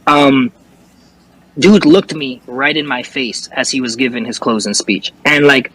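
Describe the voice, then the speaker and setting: A young man talks as an interview guest in a loose, casual way. His voice is bright and forceful, at a middle pitch for a man. He curses freely and often stops to restart his sentences as he tells his story. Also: measured pace, breathy edge, rough recording. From New York. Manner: storytelling with frequent cursing and restarts.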